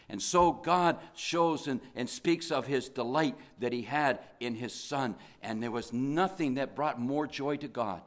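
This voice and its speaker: An older man preaching a sermon in an earnest, fervent way, slowing to stress key phrases. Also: medium pitch, animated.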